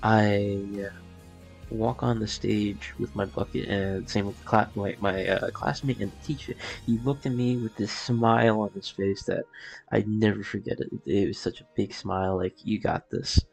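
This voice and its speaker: A man's voice: lowish voice, fairly even intonation, moderate pace, gravelly, darkish tone, soft background music. A young man casually telling a personal story, rambling with fillers and acting out quotes.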